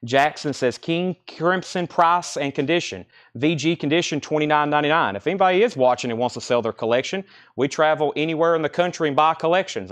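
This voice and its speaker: A man hosts a live-streamed record sale, calling out album titles, condition grades and prices in a brisk, practiced patter. His voice sits at an ordinary middle pitch, and he moves steadily from one record to the next while reading out viewers' bids.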